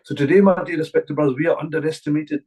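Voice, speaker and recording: A man's voice: a little high, steady tone, fast, a little mellow, husky, low-quality recording. A middle-aged man from Glasgow, an imam giving an earnest, repetitive religious talk to a gathering. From Glasgow, Scotland. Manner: earnest, repetitive, emphatic preaching.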